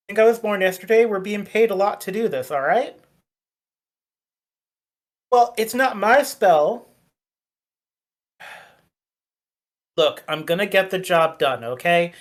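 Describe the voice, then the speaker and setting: A weary burger joint manager who grumbles and mutters his way through a phone call and his gripes about his pay, as a game master puts him on. His voice sits at an ordinary middle pitch. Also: natural voice.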